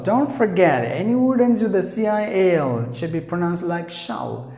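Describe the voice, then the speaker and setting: A man teaching English pronunciation in a classroom, saying each word twice, slowly and deliberately. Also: sits high, very animated, warm tone. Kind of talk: pronunciation lesson. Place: classroom with a board. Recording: echoey room.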